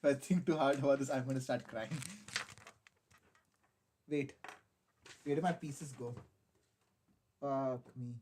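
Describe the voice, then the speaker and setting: A man's voice: mid-range voice, fairly even intonation, a little slow, pauses often, a little mellow, a little hiss or hum. A young man, chatting on a casual live stream while building a model kit, hyper, giggly, swearing and rambling. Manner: hyper, giggly and profane, rambling self-mockery.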